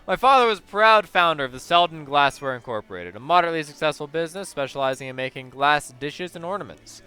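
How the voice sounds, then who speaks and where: A pompous businessman in his sixties, smug and formal, hosting a fancy gala in a video game, as a man reads him out. The voice rings bright and smooth, pitched a little high, with slow, flowery courtesy. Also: expressive. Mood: reminiscing. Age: 60s. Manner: formal, self-satisfied, flowery. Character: pompous older male factory-owner gala host. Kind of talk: reading game dialogue aloud.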